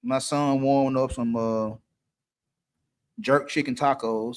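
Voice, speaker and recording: A man's voice: medium pitch, steady tone, slow, pauses often, clear, resonant tone. A middle-aged man, hosting a live stream and giving blunt dating advice, repeating his points for emphasis. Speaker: livestream host.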